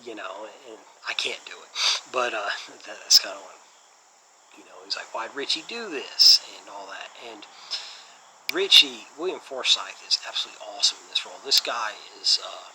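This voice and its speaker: A man's voice: fairly low pitch, pushed and bright, a little hiss or hum, poor audio. A man hosting a casual movie review channel, rambling enthusiastically with lots of fillers.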